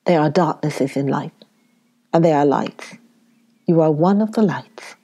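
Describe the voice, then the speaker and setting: A woman's voice: low-pitched, warm tone. A woman reading a solemn old foreign professor. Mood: earnest. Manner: solemn, halting, oddly worded speech. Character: elderly foreign male professor, earnest, effusive. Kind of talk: audiobook character reading.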